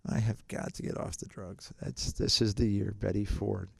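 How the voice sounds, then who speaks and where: A man's voice: lowish voice, steady tone, a little fast, creaky, few pauses, no room sound, studio quality. A middle-aged man hosting a radio show, chatting casually and joking about himself before explaining retirement accounts, repeating his key points.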